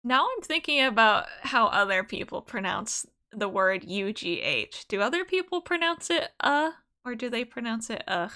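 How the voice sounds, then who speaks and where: A woman's voice: on the high side, sing-song, normal speed, few pauses, pushed and bright. A woman streamer chatting casually over gameplay, musing aloud in a rambling way, full of fillers and loose asides.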